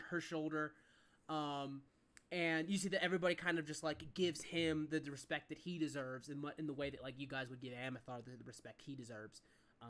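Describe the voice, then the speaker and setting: A game master narrates a tabletop scene at a middle pitch with a somewhat bright tone. The description rambles and is full of fillers while he hunts for words, casual and unscripted.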